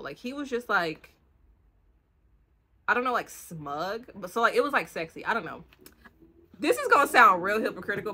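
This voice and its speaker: A young woman, giving a rambling, casual book review full of swearing and acted-out lines. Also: mid-range voice. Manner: animated, swearing, acts out the characters' lines in quick bursts. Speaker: book vlogger.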